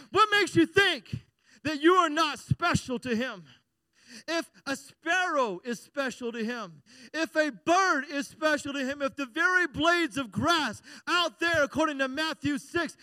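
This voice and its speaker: A man pastor preaching a sermon in a church, impassioned, rising to shouts and sung lines. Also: very high voice, no echo.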